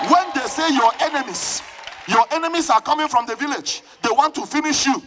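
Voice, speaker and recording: A man with a Nigerian accent preaches at a very high pitch. He drives his sermon with fervor, shouting and calling back to the congregation. The delivery is a live church sermon. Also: brisk, a crowd in the background, background noise. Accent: Nigerian English. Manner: fervent, often shouting, calls on the congregation to respond. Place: church service.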